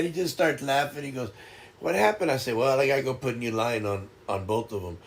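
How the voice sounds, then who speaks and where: A man's voice: a little high, fairly quick, gravelly. A man hosting a live stream, telling a casual story and laughing often.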